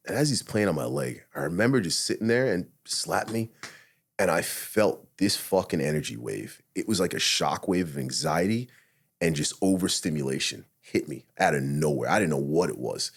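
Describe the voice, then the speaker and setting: Retired cop, male, very low husky voice, rapid-fire blunt storytelling, heavy swearing. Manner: blunt, profane, animated retelling with acted-out inner quotes. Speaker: retired police officer, podcast guest. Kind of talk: casual storytelling interview.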